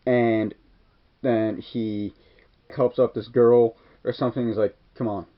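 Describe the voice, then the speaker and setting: A man's voice: medium pitch, level tone, takes it slowly. A man casually retelling a film's scenes, rambling with constant "like" and "kinda", in a dull lo-fi recording. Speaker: movie reviewer. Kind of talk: casual movie recap.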